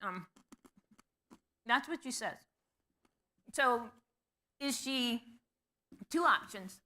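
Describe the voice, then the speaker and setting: A woman teaching a Bible study in a conversational way, posing questions to the class and pausing with frequent ums. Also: on the high side, expressive, pushed and bright.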